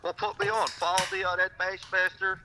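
A man's voice: sits high, completely flat delivery, brisk, background noise. A man joining the chat, talking in a dry, offhand way. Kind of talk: casual chat.

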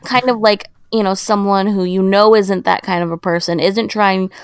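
A woman's voice: medium pitch, fairly even intonation, moderate pace, clean tone, dry recording, clean studio sound. A woman co-hosting a casual podcast chat, blunt and opinionated. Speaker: podcast co-host.

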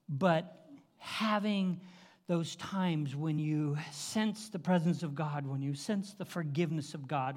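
High-voiced man telling a sermon story. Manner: animated storyteller, restarts, chuckles. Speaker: preacher.

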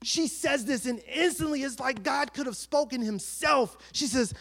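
A male pastor preaching a sermon, reading scripture and telling a personal story with animated, shifting delivery. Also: extremely high pitch, moderate pace, vocal fry. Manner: animated storytelling, shifting between soft and loud.

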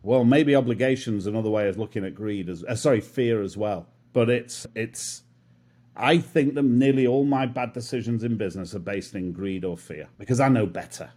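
With a fairly low, darkish voice at normal speed, a man in his fifties reflects on his lessons as an interview guest. His musings carry a self-deprecating edge.

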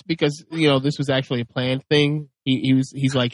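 A man hosts a loose, casual podcast debate and drifts into crude, joking stories. His voice sits a little high. The sound is dry and close. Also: fairly even intonation, brisk, few pauses, fairly bright tone, no echo. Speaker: host.

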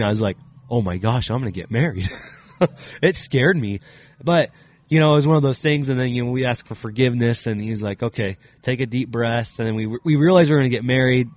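A young man recounts his faith journey in an unhurried, earnest way, circling back with fillers and restarts. His voice sits at an ordinary middle pitch. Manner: earnest, rambling storytelling with many fillers. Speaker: podcast guest. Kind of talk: casual personal testimony.

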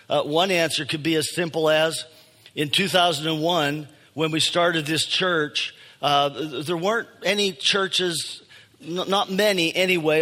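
A man's voice: a little high, pushed and bright. A middle-aged man, the pastor of his church, preaching a sermon in a conversational way, with frequent fillers and restarts. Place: church sanctuary. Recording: long hall reverb in a church.

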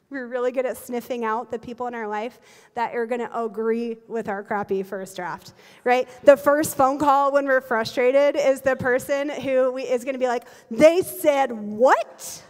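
A woman in her forties, a pastor, preaching a sermon with lively, humorous storytelling and quick laughs. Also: on the high side. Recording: long reverb of a large hall.

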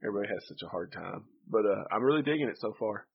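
A man with a low, gravelly and husky voice, talking in a relaxed, rambling way. He chats casually as a podcast co-host. The sound is dull and lo-fi. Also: racing. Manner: laid-back, rambling, chatty. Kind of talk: casual chat.

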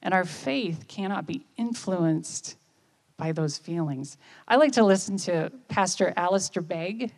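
A woman's voice: fairly low pitch, unhurried, darkish tone. Woman in her fifties preaching. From United States. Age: 50s. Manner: conversational, often asks listeners "right?". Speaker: speaker at church. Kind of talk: conversational sermon.

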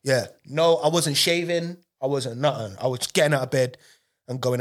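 A man, a comedian guesting on a podcast, telling stories in a rambling, animated way with lots of slang. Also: mid-range voice, moderate pace. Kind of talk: casual chat.

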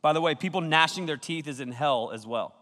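Brisk and forceful, a youth pastor with a bright voice, slightly high for a man, gives a playful, jokey sermon to young people, pausing to laugh and act out their likely reactions. The recording, made by a camera crew, carries the long reverb of a large church hall.

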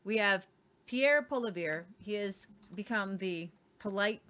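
A woman's voice: mid-range voice, takes it slowly, a bit bright. A woman hosting a news show, delivering opinionated commentary with emphatic, sarcastic asides.

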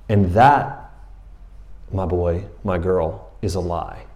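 Animated casual-talking male pastor. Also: low-pitched, takes it slowly. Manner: casual, animated storytelling with slang and laughter. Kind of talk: sermon.

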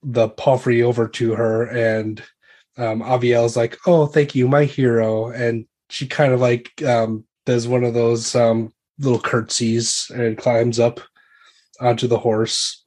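A man's voice: mid-range voice, completely flat delivery, takes it slowly, darkish tone. A man narrating as game master in a tabletop role-playing game, loose and full of hesitations.

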